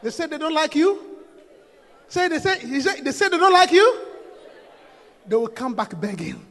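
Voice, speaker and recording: A man preaching a sermon, shouting and calling out to the congregation in a sing-song way. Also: extremely high pitch, big pitch swings, normal speed, big-room sound, some chatter behind.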